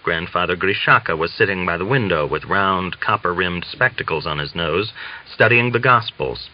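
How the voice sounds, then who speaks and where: Male audiobook narrator, low voice, measured delivery, dull lo-fi recording. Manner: measured, even storytelling. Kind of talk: scripted narration of a novel.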